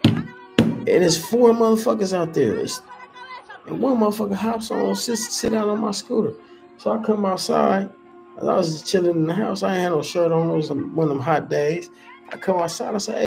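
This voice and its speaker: A man telling a profane story in a casual, animated way and acting out what people said. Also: sits high, moderate pace, vocal fry, soft background music. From Los Angeles. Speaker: rapper.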